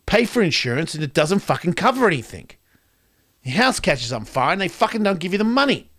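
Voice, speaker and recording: A man's voice: high-pitched, big pitch swings, a little fast. Ranting profane man doing stand-up. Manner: profane, ranting, swings loud and soft. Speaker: comedian. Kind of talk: stand-up rant.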